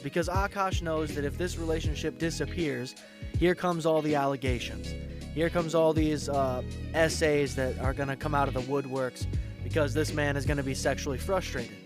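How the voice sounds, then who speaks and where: A man talks over a clear music bed, his voice sitting a little higher than most men's. He delivers mocking reaction commentary, blunt and crude in his put-downs.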